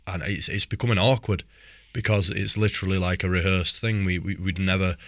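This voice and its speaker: A man's voice: low-pitched, steady tone, a little fast, fairly bright tone, dry recording. A young man, co-hosting a casual podcast, laughing easily and often restarting his words. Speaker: podcast co-host. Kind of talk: casual banter.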